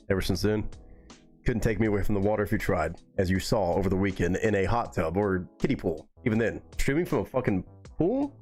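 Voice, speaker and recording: A man with a fairly low voice tells a long story on his live stream. He talks in a relaxed, rambling way and swears freely. Soft music plays faintly behind him. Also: brisk. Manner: relaxed, rambling and heavily profane.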